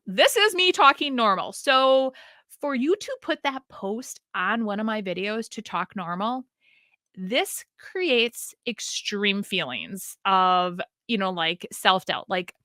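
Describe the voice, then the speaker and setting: Midwestern woman podcast host, Wisconsin accent, sing-songy chatty delivery, bright tone. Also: mid-range voice, dry recording, clean studio sound. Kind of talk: casual solo podcast monologue.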